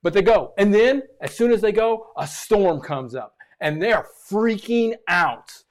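High-voiced man preaching a sermon. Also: unhurried. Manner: animated preaching, repeats phrases for emphasis. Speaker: pastor.

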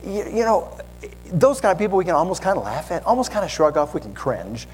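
A man's voice: high voice, big pitch swings, brisk, a little mellow, slight background noise, rough recording. A man preaching as a guest pastor, candid and self-deprecating, with conversational asides. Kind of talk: sermon.

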